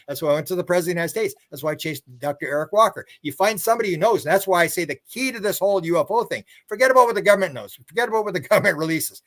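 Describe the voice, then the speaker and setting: Man, higher-pitched, interview guest, rambling storyteller, stumbling restarts, chuckling, animated quoted dialogue. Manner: rambling, many restarts and repeated words; chuckles while talking. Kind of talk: casual storytelling on a live stream.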